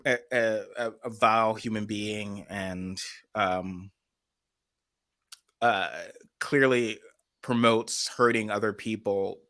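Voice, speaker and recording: Brief: animated sarcastic male co-host, bright and forceful tone, dry sound. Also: fairly low pitch, dry recording. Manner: animated, sarcastic, many fillers and quick asides. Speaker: political blog co-host. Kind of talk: casual political chat.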